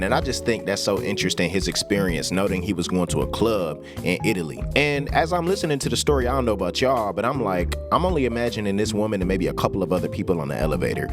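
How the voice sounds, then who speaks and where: Low-voiced man hosting a reaction video. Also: big pitch swings, fast talker, hardly any pauses. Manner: conversational, preachy asides, colloquial. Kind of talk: casual commentary. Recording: music bed under voice. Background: music.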